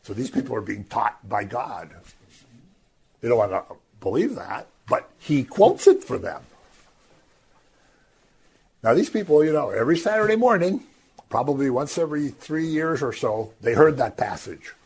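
A man teaching from the Bible in a lively, conversational way, acting out the crowd's voices. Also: mid-range voice, normal speed, gravelly, long pauses, breathy edge. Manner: animated, acts out voices of the crowd. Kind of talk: scripture teaching.

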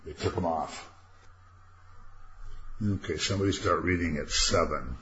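An older man leading an informal Bible study, talking conversationally and turning animated when he quotes God. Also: deep voice, measured pace, roomy sound. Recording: dull lo-fi recording with faint noise.

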